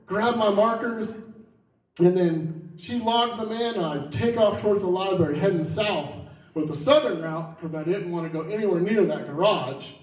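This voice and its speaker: A man telling a personal story in the first person, quick in some stretches and slow in others. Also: high voice, distant mic. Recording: roomy, voice set back from the mic.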